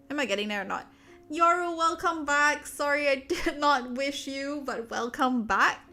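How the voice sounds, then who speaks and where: Female streamer, high pitch, chatty and giggly, loose casual delivery full of fillers. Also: sharp tone. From Malaysia. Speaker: VTuber streamer. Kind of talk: casual stream chat with viewers.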